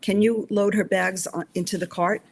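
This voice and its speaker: A woman voicing a busy female camp office administrator in a brisk, businesslike way. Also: mid-range voice, steady tone, gravelly, slight background noise, close to an everyday voice.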